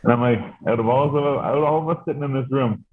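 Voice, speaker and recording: A man's voice: medium pitch, quick pace, slight background noise. Rambling Canadian podcast man, tinny. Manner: rambling, swearing, lots of fillers. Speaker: podcast host. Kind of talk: casual chat. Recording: tinny phone-like sound.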